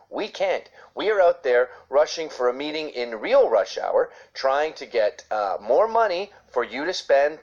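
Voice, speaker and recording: A sarcastic dad rants his way through an article in a comedic commentary. His voice sits a little high and leaps up and down as he gets worked up. The sound is dull and lo-fi, like a screen recording. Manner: sarcastic and ranting. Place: New York.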